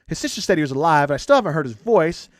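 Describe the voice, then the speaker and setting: Male podcast co-host, animated storyteller, slightly high voice, dry close mic. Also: very fast, no room sound. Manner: animated, acts out quoted voices. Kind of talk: casual storytelling chat.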